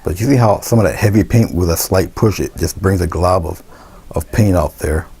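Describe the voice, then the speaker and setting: A deep, gravelly man talks through a painting lesson in an easygoing way, pausing often with fillers and restarting his sentences. His voice is dark and husky. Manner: relaxed, thinking aloud with many fillers and restarts. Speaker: painting instructor. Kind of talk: casual painting tutorial.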